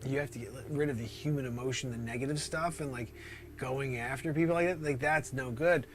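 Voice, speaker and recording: A man hosting an improvised comedy livestream, answering chat questions in an animated way that jumps into high voices and drops to whispers. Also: a little fast, a little hiss or hum.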